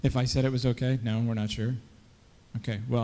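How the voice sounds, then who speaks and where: A man's voice: mid-range voice, fairly quick, a little mellow. A man leading a children's message in church as pastor, coaxing the kids with many friendly questions. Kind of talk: children's sermon. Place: church sanctuary. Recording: long church hall reverb.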